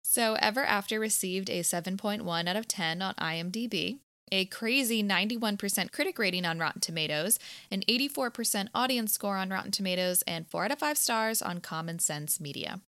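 A woman's voice: mid-range voice, a little fast, sharp tone, clear, resonant tone, dry recording, studio quality. A young woman co-hosting a podcast, chatting in a laid-back way and laughing often. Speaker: podcast co-host. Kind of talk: casual chat.

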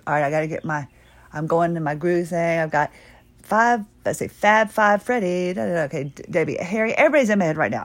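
Chatty woman host losing her voice. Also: quick pace. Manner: bubbly, chatty and rambling, with sudden high excited bursts. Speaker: podcast host. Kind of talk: casual solo podcast talk.

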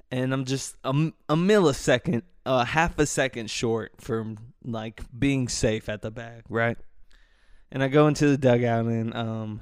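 A man's voice: medium pitch, clear, resonant tone, no room sound, clean studio sound. Rambling, profane man on a podcast. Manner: rambling, profane, breaks into rants. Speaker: podcast host. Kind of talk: casual solo podcast talk. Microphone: microphone close to mouth.

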